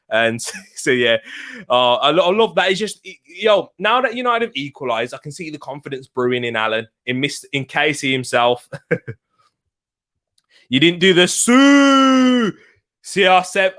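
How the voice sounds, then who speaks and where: A man's voice: on the high side, pushed and bright. A young man hosting a live football watch-along, chatting loosely, reacting to the match and reading out viewer comments with frequent laughs.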